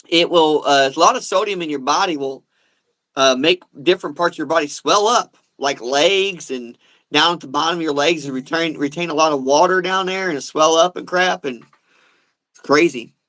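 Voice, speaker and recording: A man's voice: a little high, moderate pace, bright, forceful tone, no echo, low-quality recording. A man hosting a casual talk podcast, rambling and repeating himself with lots of filler. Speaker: host. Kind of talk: casual chat.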